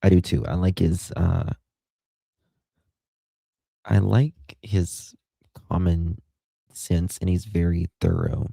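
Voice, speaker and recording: A Southern-accented man hosts a late-night livestream, chatting loosely with viewers and reading their comments aloud. His voice sits very low and gravelly, with a dark, mellow tone. He talks at an unhurried pace. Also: steady tone, dry recording. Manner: chatty, drawling, greets viewers by name. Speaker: livestream host.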